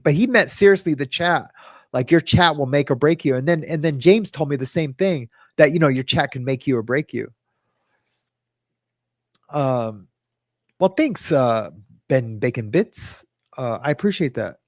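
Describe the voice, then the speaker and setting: A man's voice: a little high, lively intonation, measured pace, pauses often, dry recording, clean studio sound. A middle-aged man hosting a livestream podcast, chatting casually, reading comments from chat and mocking himself as he rambles. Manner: rambling, self-mocking, reads chat aloud. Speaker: podcast host.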